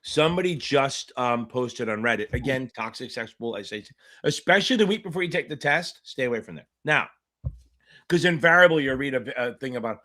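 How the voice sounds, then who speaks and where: A man's voice: medium pitch, expressive, bright, forceful tone. A middle-aged man tutoring for a finance exam on a live Q&A stream, talking bluntly with constant swearing. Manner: blunt, profane, rapid rants.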